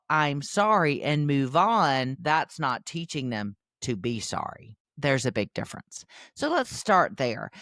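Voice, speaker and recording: A woman's voice: low-pitched, no room sound, studio quality. An older woman hosting a parenting podcast, giving earnest, instructive advice in a conversational way. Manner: earnest, warmly instructive, acts out quoted voices.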